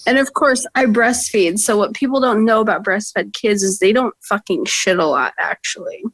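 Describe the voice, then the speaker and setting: A woman's voice: mid-range voice, normal speed, fairly bright tone, no echo. A young woman, a podcast co-host, telling stories in casual chat, swearing freely and laughing often. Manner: profane, laughing storyteller.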